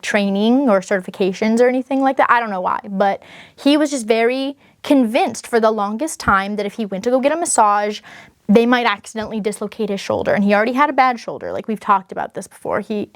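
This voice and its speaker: A woman's voice: fairly high pitch, no echo, studio quality. A young woman telling a personal story in a casual, chatty way, full of fillers and self-conscious asides. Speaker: vlogger.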